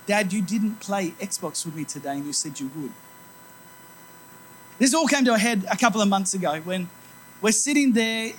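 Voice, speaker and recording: A man's voice: high-pitched, a little hiss or hum. A man in his thirties preaching a sermon as pastor, telling stories in a conversational, self-deprecating way.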